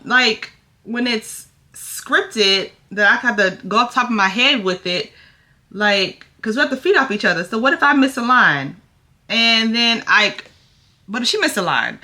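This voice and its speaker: Bright-voiced woman in nervous vlog chat. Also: fairly high pitch. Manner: chatty, nervous, acts out both sides of a dialogue. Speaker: vlogger. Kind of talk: casual get-ready-with-me chat.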